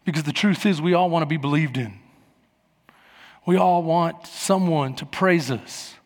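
High-voiced pastor preaching in a hall. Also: male voice, measured pace. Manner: animated storytelling, acting out voices. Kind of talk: sermon. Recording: long hall reverb.

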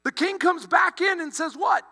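A male pastor telling a story in a sermon, animated, acting out the characters' lines. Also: extremely high pitch, a little slow. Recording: long hall reverb with mains hum.

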